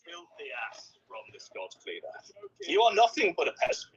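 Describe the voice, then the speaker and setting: A man's voice: fairly high pitch, wildly swooping pitch, normal speed. A man trading scornful insults in an online voice chat argument. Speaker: voice chat participant. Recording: muffled lo-fi voice chat audio.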